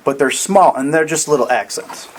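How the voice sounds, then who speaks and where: A man running a tabletop game as dungeon master, describing scenes in a relaxed, rambling way with lots of fillers. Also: fairly high pitch, moderate pace, a little hiss or hum, low-quality recording.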